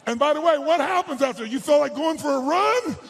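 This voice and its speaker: Gravelly high-voiced guy hyping up a big hall crowd, bossy, swears a lot. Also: lively intonation, a little fast. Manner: commanding, shouts instructions and quizzes the crowd; blunt, swears casually. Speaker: motivational speaker. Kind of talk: high-energy seminar address to a live audience. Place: large event hall with audience.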